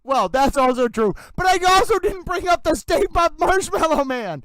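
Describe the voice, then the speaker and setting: A man's voice: extremely high pitch, sing-song, moderate pace, a bit bright, dry recording. A man hosting a livestream, chatting playfully with his viewers and making theatrical, emphatic declarations. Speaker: livestream host. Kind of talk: casual livestream chat.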